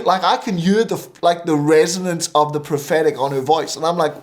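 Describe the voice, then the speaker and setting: A male minister, a guest on a talk show, tells a story with lively energy and acts out the voices of the people in it. His voice sits a little high for a man. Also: normal speed, few pauses. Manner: animated, acting out quoted dialogue.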